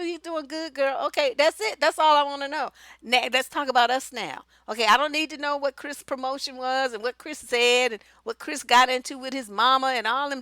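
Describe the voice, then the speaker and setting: A woman relationship coach giving blunt, profane, animated advice in a casual talk. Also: high-pitched, dry recording, studio quality. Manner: blunt, profane and animated, acts out quoted voices.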